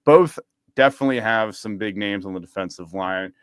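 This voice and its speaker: Man, sports podcast host, smooth resonant voice, relaxed, dry close sound. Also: fairly low pitch, fairly quick, no echo. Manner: relaxed, loose questions full of "like". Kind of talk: casual sports podcast hosting.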